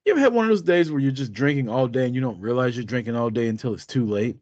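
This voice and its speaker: A man's voice: mid-range voice, fast talker, dry recording, lo-fi sound. A man in his thirties, co-host of a podcast, telling a story casually with lots of laughter and swearing. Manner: profane, laughing, animated storytelling.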